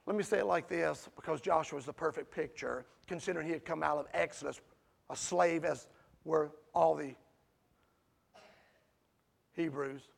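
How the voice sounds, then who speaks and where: A man preaching a sermon emphatically, swinging from hushed asides to near-shouting. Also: a little high, normal speed, vocal fry, long pauses.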